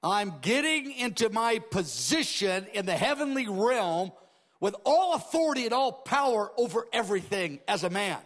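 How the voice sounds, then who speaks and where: A man with a notably high speaking voice preaches in an easy, explanatory way, shifting between teaching and acted-out asides. His voice trails off into a long reverb, as in a church sanctuary. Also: big pitch swings, normal speed, fairly bright tone. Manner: conversational expository preaching with dramatized asides. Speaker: pastor. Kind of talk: sermon.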